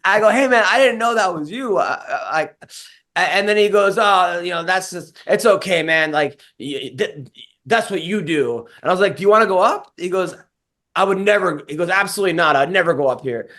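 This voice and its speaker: Male comedian host, a touch high, loose rambling storyteller, profane and casual. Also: animated, a little fast, bright, forceful tone. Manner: rambling storyteller, lots of "like" fillers, swears often. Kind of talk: casual podcast chat.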